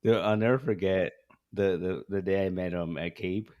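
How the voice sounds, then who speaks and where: A man co-hosting a podcast, relaxed and chatty, laughing easily. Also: deep voice, normal speed, dull audio. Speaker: podcast co-host. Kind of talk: casual chat.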